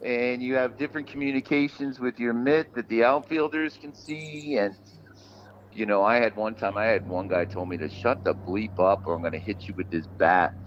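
A man's voice: medium pitch, moderate pace, lo-fi sound, slight background noise. An older man chatting casually, telling boastful stories from his ball-playing days and acting out the umpires. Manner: boastful storyteller, acts out umpire voices. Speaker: guest caller. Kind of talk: casual chat.

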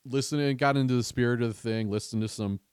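A man's voice: mid-range voice, fairly even intonation, fast talker, darkish tone, clean tone, no echo, studio quality. A man hosting a casual podcast, rambling and chatty, often restarting his sentences. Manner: rambling, self-interrupting, chatty. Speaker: podcast host.

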